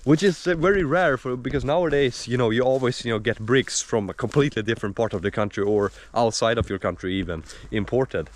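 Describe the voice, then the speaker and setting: A man's voice: medium pitch, fairly quick, few pauses. A young man narrating his vlog to a handheld camera, chatty and rambling with plenty of fillers. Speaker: vlogger.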